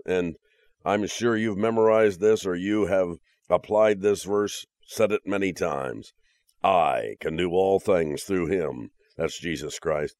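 Man, radio host, earnest preaching, low voice, dry sound. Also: darkish tone, dry recording. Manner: earnest preaching, then joking. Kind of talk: devotional talk and sign-off.

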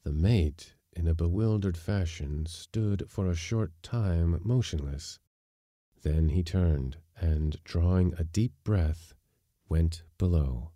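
A male podcast narrator reads a short story in a measured, even manner. His voice is very low and dark in tone. The recording is dry and close, with no room echo. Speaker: audiobook narrator. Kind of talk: scripted narration.

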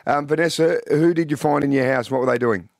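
A man with an Australian accent hosting a breakfast radio show, telling stories in an animated, chatty way. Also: a little high, quick pace, dry recording, clean studio sound. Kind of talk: casual radio chat. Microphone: studio microphone.

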